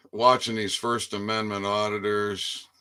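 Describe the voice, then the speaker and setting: A man's voice: fairly low pitch, sharp tone, clean tone. A man giving a rambling casual monologue to his viewers, stammering over repeated words and swearing freely. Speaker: independent online commentator.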